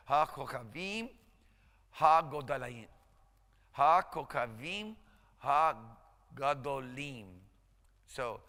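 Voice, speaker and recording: Male instructor, slightly higher voice, smooth, patient syllable-by-syllable drilling. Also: pushed and bright. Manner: drills pronunciation slowly, syllable by syllable; encouraging, conversational teacher. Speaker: Hebrew instructor. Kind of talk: classroom lecture. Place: lecture hall. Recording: lecture hall reverb.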